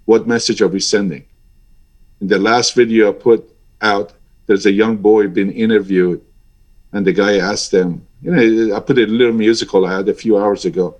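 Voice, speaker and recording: A man's voice: lowish voice, fairly even intonation, normal speed, a little mellow. A man in his sixties, an airline pilot giving an interview, talking in a passionate and emphatic way that rises sharply when he gets stirred up. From Iran. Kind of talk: interview over a remote link.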